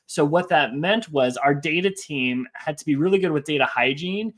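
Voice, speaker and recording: A man hosting a live webinar, presenting slides in a relaxed, conversational way with frequent fillers and quick replies to chat questions. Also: a little high. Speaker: host of a live business webinar. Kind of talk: casual presentation walking through slides.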